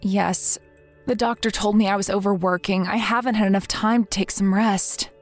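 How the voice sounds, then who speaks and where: A woman's voice: medium pitch, steady tone, normal speed, close to an everyday voice. A woman reading the lines of an overworked young wife and mother who apologizes and pleads for help, in a scripted text-message story. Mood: tired. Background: faint background music.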